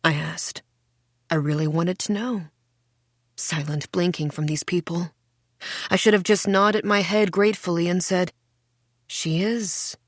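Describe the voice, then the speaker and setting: Low-voiced woman narrating an audiobook. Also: steady tone, unhurried, long pauses, no room sound, clean studio sound. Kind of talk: first-person literary narration.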